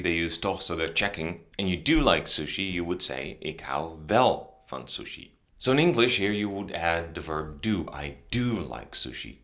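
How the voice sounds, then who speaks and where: A man with a Dutch accent, a native Dutch speaker, calmly explaining a language lesson and acting out example sentences. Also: deep voice. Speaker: language teacher.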